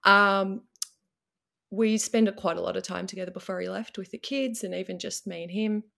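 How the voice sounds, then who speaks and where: A woman with an Australian accent, telling a personal story in a hesitant way, with many pauses and ums. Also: mid-range voice, steady tone, vocal fry, fairly bright tone. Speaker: guest.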